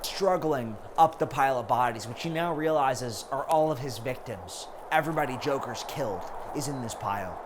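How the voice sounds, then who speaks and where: A man casually narrating a retold film story in an animated way, with music underneath. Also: mid-range voice, moderate pace, hardly any pauses, noisy background. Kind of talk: storytelling retelling of a film plot.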